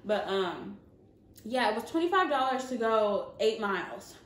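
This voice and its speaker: A young woman with a Southern American accent, telling a casual storytime vlog in an animated way, laughing and using many fillers. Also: a little high, unhurried. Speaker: vlogger. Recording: echoey room.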